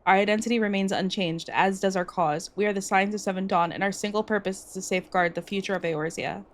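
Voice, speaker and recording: A woman's voice: mid-range voice, steady tone, fast talker, natural voice. A woman reading aloud the formal speeches of a resolute woman leading an order in a game.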